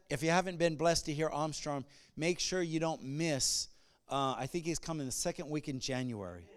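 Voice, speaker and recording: Male pastor, slightly high voice, chatty sermon delivery that swells into loud call-and-response. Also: clean tone. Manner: call-and-response preaching, rising to loud bursts; conversational asides and restarts.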